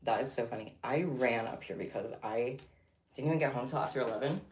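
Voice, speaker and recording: A livestream host with a mid-range voice chats casually at a slightly fast clip, sounding breathless, scattered and giggly. The mic is distant, so there's roomy echo and a bit of faint noise.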